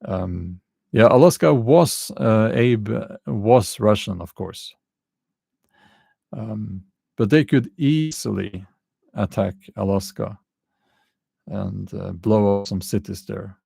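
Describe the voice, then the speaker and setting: A man with a non-native English accent, hosting a casual livestream and answering chat comments in a halting way, with many fillers and frequent chuckles. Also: fairly low pitch, creaky, warm tone, husky, dry recording. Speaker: channel host answering live chat.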